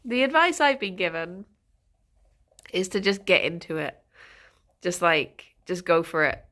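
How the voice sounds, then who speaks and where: A woman's voice: fairly low pitch, very animated, a little slow, pushed and bright. Giggly woman chatting to her stream. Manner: giggly, rambling, talking to her rabbits. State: sniffly. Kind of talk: casual chat with stream viewers.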